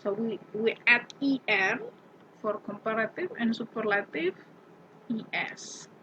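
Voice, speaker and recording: A woman's voice: fairly high pitch, moderate pace, sharp tone, dull audio, slight background noise. A woman teaching an English grammar lesson. She patiently repeats example words and keeps asking the class questions.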